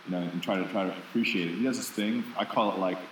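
A man's voice: deep voice, quick pace, echoey room, recorded from a distance, a little hiss or hum, low-quality recording. A man co-hosting a casual podcast, telling a long candid story with self-deprecating asides.

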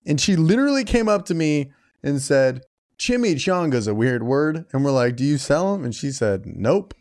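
A man co-hosting a podcast, trading dry, deadpan jokes in casual comedic chat. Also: on the high side, normal speed. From Oklahoma City. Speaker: podcast co-host.

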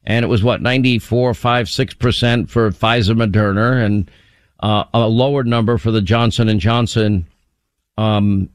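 A man hosting a talk radio show, delivering brisk, emphatic, rhetorical commentary from a studio microphone. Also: on the low side, fairly even intonation, clear, resonant tone, dry recording.

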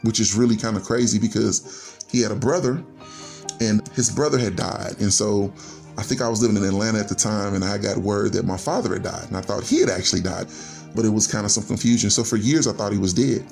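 A man's voice: fairly low pitch, fairly quick, vocal fry, darkish tone, faint music behind. A middle-aged man from Chicago telling a personal story in an earnest, conversational way, often linking thoughts with "and so". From Chicago, USA. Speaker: storyteller guest.

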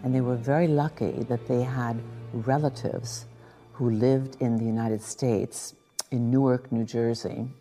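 Very deep-voiced older woman, mellow. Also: steady tone, big-room sound, soft background music. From Lithuania. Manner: reflective and measured, with pauses and restarts. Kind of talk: personal recollection.

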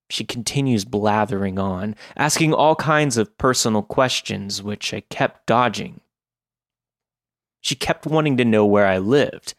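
Man reading a creepy story slow and steady, dry close sound. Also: fairly low pitch, dry recording. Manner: measured, deliberate storytelling. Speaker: narrator. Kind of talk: scripted horror story narration.

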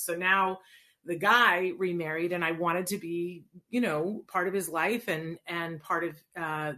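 A woman hosting a live show, telling stories and answering questions in a chatty, expressive way with frequent fillers. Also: fairly low pitch. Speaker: host. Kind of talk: casual live show talk.

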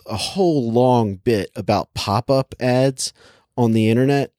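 A man's voice: medium pitch, unhurried, mellow, no room sound, clean studio sound. A young man casually chatting and reviewing a movie, rambling with lots of filler words and laughing easily. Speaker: podcast co-host reviewing a movie. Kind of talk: casual chat.

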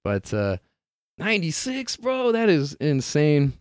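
A man's voice: a little high, wildly swooping pitch, slow pace, no room sound, studio quality. A man hosting a live-streamed podcast in a loose, rambling way, laughing often and swearing casually.

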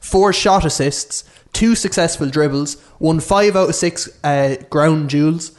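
A man's voice: a little high, unhurried. A man on a football podcast, confident, reeling off stats with blunt banter. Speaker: podcast panelist. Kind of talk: casual football podcast chat.

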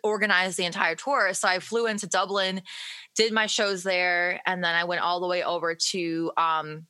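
A woman's voice: fairly low pitch, steady tone, moderate pace, pushed and bright. A woman from the United States, a musician being interviewed remotely, talking casually with lots of fillers and frequent laughter. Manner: chatty, laughs often, many fillers. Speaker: musician guest.

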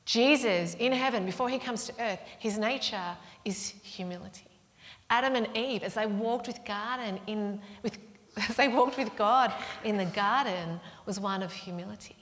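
A woman preaching a sermon, telling stories with animated delivery that drops into whispers. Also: mid-range voice, normal speed. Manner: animated storytelling, breaks into whispers and laughs. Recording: long hall reverb.

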